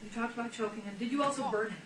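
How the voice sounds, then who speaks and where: Woman, judge, courtroom questioning, firm and direct, rapid delivery. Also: a little high, fairly bright tone, rough recording.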